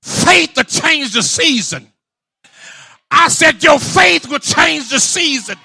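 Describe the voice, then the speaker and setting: A male pastor a fiery sermon, shouting and repeating his points. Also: very high voice, lively intonation, takes it slowly, vocal fry, no echo. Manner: shouting, call-and-response preaching.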